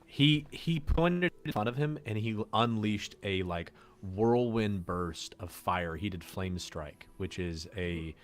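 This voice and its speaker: Game master, man, very low voice, casual rambling narration. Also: takes it slowly, hardly any pauses. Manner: loose, rambling narration with fillers.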